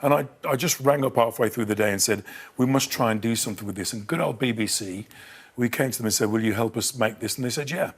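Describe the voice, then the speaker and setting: A man's voice: mid-range voice, fast, slightly rough. An older man, a guest on a chat show, telling a story with enthusiasm and frequent restarts. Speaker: guest actor and producer. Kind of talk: casual studio chat.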